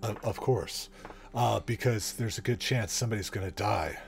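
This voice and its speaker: A man's voice: on the low side, moderate pace, vocal fry, soft background music. A man playing in a tabletop game, talking in a hesitant way full of fillers and restarts. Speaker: player. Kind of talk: casual tabletop game talk.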